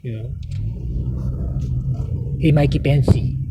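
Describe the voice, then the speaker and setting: A man's voice: mid-range voice, slow pace, background noise, natural voice. A man putting on a mocking impression of a blustering male president, boastful and taunting.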